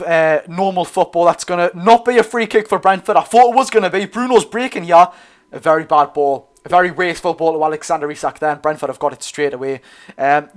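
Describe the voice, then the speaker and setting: Geordie lad doing live footy commentary, voice a bit on the high side, rambles and fixes his slips. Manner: chatty, self-correcting, addresses viewers as lads. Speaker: football watchalong host. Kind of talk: live match commentary and chat.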